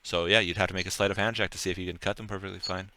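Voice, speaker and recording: A man's voice: low voice, fairly even intonation, rapid-fire, pushed and bright, no echo. A man running a tabletop game as game master, rambling through his narration with many fillers.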